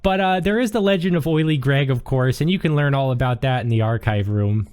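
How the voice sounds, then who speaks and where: A man voicing a sweet-looking, overly cheerful woman librarian who slips in dark jokes. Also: medium pitch, a little fast, clean tone, lightly acted. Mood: chirpy. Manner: chirpy, overly cheerful with a dark joking streak.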